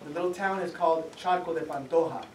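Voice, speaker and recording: A man's voice: fairly high pitch, fast talker, background noise. A man, an author, giving a public talk in a museum event space and telling his story with laughs, acting out the people in it. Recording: echoey room, mic from far off.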